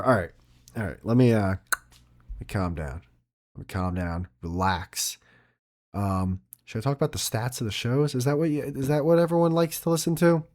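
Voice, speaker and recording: A man's voice: medium pitch, darkish tone. New guy rambling on his solo podcast, swears a lot, voice jumps all over. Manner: rambling, profane, self-mocking. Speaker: podcast host.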